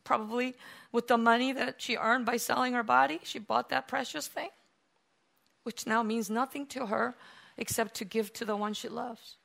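A woman delivers a sermon in a fairly high, bright, ringing voice. She retells the story quietly at times, then climbs into loud, fervent preaching. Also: steady tone, normal speed, gravelly.

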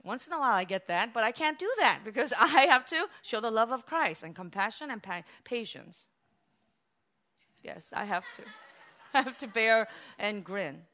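A woman pastor preaching a sermon, animated, swinging from hushed, quiet stretches to loud exclamations. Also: on the high side, normal speed.

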